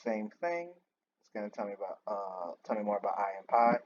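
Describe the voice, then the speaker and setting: A man's voice: on the low side, brisk. A man, a student, walking through his class coding project on a screen recording, hesitant and full of fillers and restarts. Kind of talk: screen-recorded program walkthrough. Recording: muffled lo-fi audio with steady noise and clicks.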